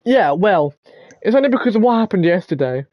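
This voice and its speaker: A man's voice: high voice, very animated, brisk, no echo, muffled recording. A young man giving casual, jokey let's-play commentary and swearing freely. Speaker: gaming YouTuber.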